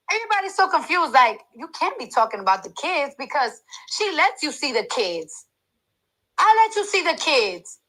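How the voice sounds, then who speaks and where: A woman's voice: high voice, very animated, moderate pace, a bit bright, low-quality recording. A woman in her thirties in a heated, profane, repetitive rant, filmed on a phone for a live video. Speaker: celebrity ranting online. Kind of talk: angry unscripted rant.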